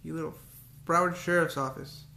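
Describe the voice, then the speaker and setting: Man vlogging, rambling monologue, gravelly voice, fairly high pitch, echoey room. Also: steady tone, normal speed, sharp tone. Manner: rambling, repeats words, cursing rants.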